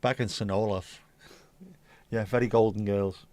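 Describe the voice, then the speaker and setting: A man's voice: lowish voice, steady tone, unhurried, a little mellow, dry recording. An Irish man hosting a livestream, chatting casually and reading out viewer comments in a blunt, mocking way, with plenty of swearing. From Ireland. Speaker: livestream host.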